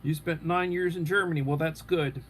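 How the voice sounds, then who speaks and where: Guy rambling on his livestream, reading chat out loud, bit of a higher voice, faint hiss behind. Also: steady tone, moderate pace. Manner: rambling, answers chat comments aloud. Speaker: livestream host. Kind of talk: casual live-stream chat.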